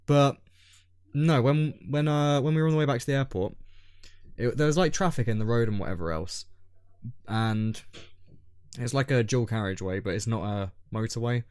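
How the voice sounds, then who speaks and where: A man's voice: mid-range voice, normal speed, long pauses, a little mellow, clear, resonant tone, no room sound, clean studio sound. A young man from Scotland, co-hosting a podcast, telling a long story in casual chat, full of ums and restarts. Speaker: podcast co-host.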